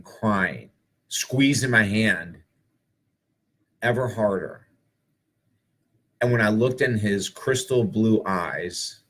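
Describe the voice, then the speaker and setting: An author and speaker with a husky voice on the low side tells spiritual stories to live viewers. He's earnest and animated, piling on rhetorical questions.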